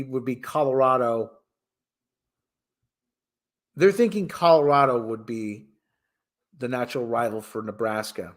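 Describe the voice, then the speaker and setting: Host: a man from Connecticut, incredulous rambling rant, pitch swinging up and down. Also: a bit bright. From Connecticut, Hartford area. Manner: exasperated, incredulous, many restarts. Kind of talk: casual rambling sports commentary.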